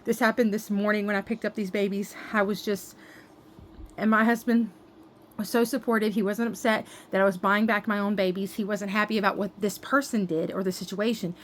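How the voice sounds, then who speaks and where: A woman's voice: mid-range voice, level tone, brisk, slight background noise. Upset woman venting in a vlog. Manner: upset, venting, many fillers and restarts. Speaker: doll collector vlogger. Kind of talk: casual storytime vlog.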